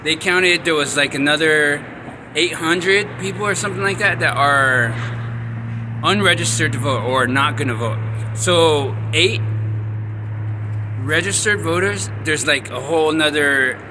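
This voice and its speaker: Man, casual vlog, halting rambling talk, phone recording, loud street traffic behind. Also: on the high side. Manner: rambling, halting with many restarts. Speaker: vlogger. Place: outdoors at an urban bus stop. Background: traffic noise.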